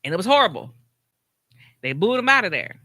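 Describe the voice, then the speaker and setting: A woman with a very bright, ringing voice talks casually on a podcast, circling back and restarting her sentences as she tells a long story. The sound is close and dry, with no room around it. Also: mid-range voice, very animated, brisk, no echo. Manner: rambling, with many restarts and fillers. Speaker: podcast co-host.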